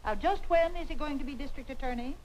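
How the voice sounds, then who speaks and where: A woman's voice: sits high, quick pace, a little mellow, slight background noise, natural voice, poor audio. An actress playing a fond, worried mother. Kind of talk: 1940s film acting.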